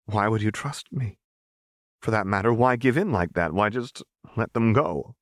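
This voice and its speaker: A man's voice: lowish voice, expressive, moderate pace, no echo, studio quality, voice pushed up, natural voice. A man reading an audiobook, voicing a fierce, defiant young woman in a tense, clipped way. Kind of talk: audiobook character voice.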